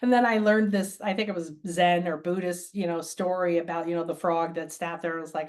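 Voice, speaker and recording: A woman spiritual teacher who lives by a beach chats casually as an interview guest in a lowish, slightly fast voice. She tells stories animatedly, acts out the voices of the people in them, and laughs often.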